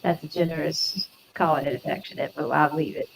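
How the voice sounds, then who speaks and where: A woman's voice: deep voice, fairly even intonation, fairly quick, vocal fry, a little hiss or hum, rough recording. A woman tabletop player speaking in character with a wry, drawling manner.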